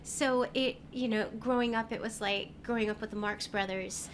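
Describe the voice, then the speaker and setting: A woman's voice: a little high, fairly even intonation, normal speed, a loud crowd. A woman voice actress chatting as an interview guest, telling stories with lots of ums. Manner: chatty, warm storytelling with many fillers. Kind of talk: casual interview chat. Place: convention venue.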